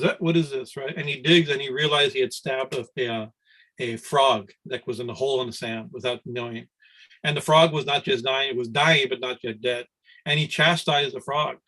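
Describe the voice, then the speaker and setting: A man's voice: fairly high pitch, fairly bright tone, rough recording. A middle-aged man, a swami, giving a spiritual discourse to students over a video call, talking loosely with many restarts and asides of "right?". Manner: rambling, conversational, frequent "right?" and restarts. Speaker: swami teaching scripture class.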